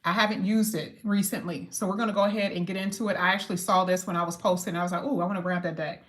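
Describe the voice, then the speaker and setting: A woman giving a casual tarot reading to camera, chatty and lively, talking straight to her viewers and slowing down to stress key phrases. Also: medium pitch. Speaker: tarot reader.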